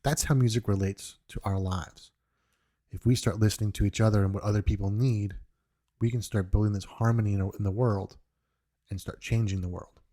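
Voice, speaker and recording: Podcast host, male, from New York, earnest and reflective, mellow and lowish, unscripted monologue. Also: steady tone, a little fast. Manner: earnest, reflective, with frequent restarts.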